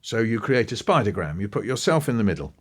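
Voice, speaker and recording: A man with a slightly low voice, interviewed about teaching and speaking easily, as if chatting. He builds his points through stories and brief acted-out quotes, and he often circles back with restarts and asides while he thinks. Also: fast, breathy edge. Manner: animated storytelling, acting out quoted voices. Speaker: guest speaking on education. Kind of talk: relaxed conversational interview.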